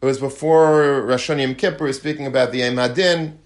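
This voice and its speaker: A man's voice: medium pitch, fast. Male rabbi, sermon storyteller with plenty of color. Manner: lively storyteller, acts out quotes, Yiddish and Hebrew terms. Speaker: rabbi giving a talk.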